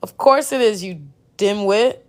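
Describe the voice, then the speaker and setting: A woman's voice: medium pitch, a little slow, a little mellow, close to an everyday voice. A woman reading the lines of a cold married man who talks harshly and dismissively. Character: cold married man dumping his mistress.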